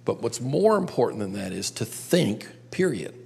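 Gravelly man teaching in a hall. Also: medium pitch, big pitch swings, moderate pace, a little mellow. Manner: coaxing the audience with questions. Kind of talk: storytelling lesson to a group. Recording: long hall reverb.

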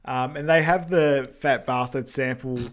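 A man's voice: medium pitch, a little slow. Male podcast co-host, laid-back recap voice, hesitant, chuckles. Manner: relaxed storytelling with many "um"s, laughs at jokes. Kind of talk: casual movie recap chat.

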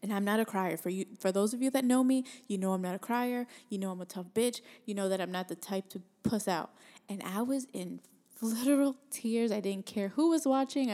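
A young adult woman telling a personal story in a casual, blunt way, swearing freely and getting animated. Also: medium pitch.

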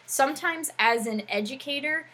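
A woman's voice: sits high, normal speed, bright, forceful tone, poor audio. A woman who works as an educator, co-hosting a casual chat and talking in a rambling way full of "like" fillers. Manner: chatty, rambling, with frequent "like" fillers. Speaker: podcast co-host and educator.

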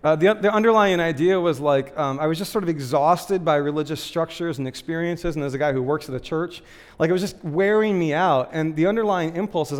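A man giving a relaxed, conversational sermon in a slightly higher voice, peppering his talk with "like" and "um". His voice rings with a long reverb, as if the room is large. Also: a little fast. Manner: chatty, frequent "like" and "um" fillers, laughs lightly. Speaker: pastor.

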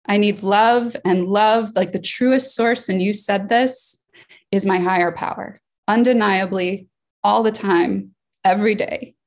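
A woman's voice: medium pitch, steady tone, a little slow. A woman with a mid-range voice shares earnestly in a support-group meeting. She talks in loose phrases full of "like" and "right?". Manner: earnest, with frequent "like" fillers. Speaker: meeting participant sharing.

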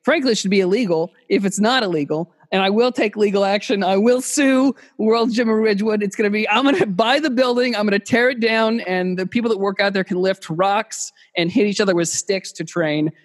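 A man with a notably high voice co-hosts a podcast in loose comedic banter. He rants in exaggerated mock outrage, piling up absurd threats. The audio comes over a remote call. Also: a little fast, few pauses. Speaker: podcast co-host.

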